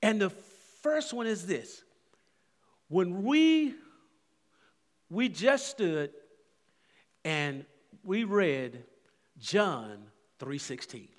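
A man preaching from the pulpit, his voice sitting high and moving at an unhurried pace. He stacks repeated phrases as his fervor climbs, and a long reverb trails each line through the hall. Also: very animated. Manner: preaching with rising fervor and repetitions. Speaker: pastor. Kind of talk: sermon.

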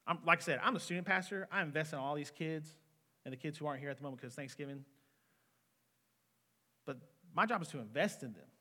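A man's voice: a little high, fast talker, pauses often, bright, forceful tone. A man in his twenties preaching an earnest, conversational sermon as a student pastor in a church hall. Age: 20s. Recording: long reverb of a hall.

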